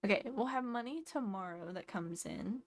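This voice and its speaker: A woman's voice: mid-range voice, animated, moderate pace, no room sound. A tired woman streamer chatting casually while playing a game, thinking aloud and explaining tips. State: sleepy. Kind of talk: casual gameplay commentary.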